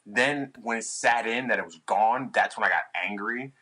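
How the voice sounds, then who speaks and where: A young man with a low, bright, forceful voice tells a rambling tour story as a podcast guest. He swears freely and jumps up in pitch when he acts out his own panicked past self. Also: normal speed, low-quality recording. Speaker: podcast guest, touring musician. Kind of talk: casual storytelling chat.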